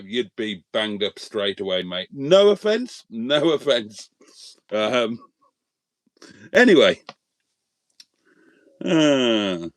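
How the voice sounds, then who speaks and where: A man's voice: mid-range voice, a bit bright, no echo. Joking man hosting a live stream. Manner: joking banter, reading out viewer names. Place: inside a motorhome.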